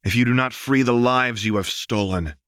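A man voicing a stern vengeful spirit who speaks in measured, solemn declarations. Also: medium pitch, fairly bright tone, clear, resonant tone, no echo, studio quality, voice pushed up, natural voice. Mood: menacing. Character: calm vengeful male spirit, the Wraith, stern.

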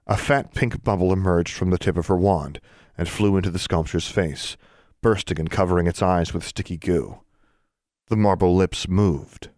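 Man reading an audiobook, very low voice, calm, dry close-miked sound. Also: no echo. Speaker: audiobook narrator. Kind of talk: scripted narration.

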